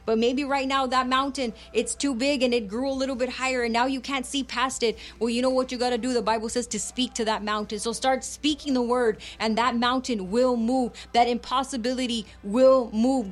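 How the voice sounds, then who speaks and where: A woman preaching on a radio program, fervent and conversational, switching between English and Spanish to encourage listeners. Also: on the high side.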